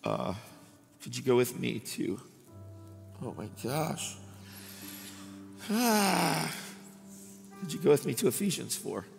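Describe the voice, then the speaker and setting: A man's voice: medium pitch, sing-song, takes it slowly, creaky, pauses often. A man preaching at a revival night, emotional and tearful, laughing between lines as he tells stories. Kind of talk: sermon. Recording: live hall with music behind.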